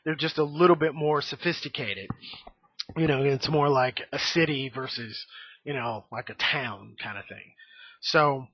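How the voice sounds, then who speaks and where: Guy in his 30s rambling to camera, lots of "you know", a bit high voice, muffled dry audio. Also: breathy edge, no echo. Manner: rambling, frank, many fillers and "you know". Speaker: vlogger. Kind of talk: casual monologue to camera. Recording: dry, dull lo-fi home recording.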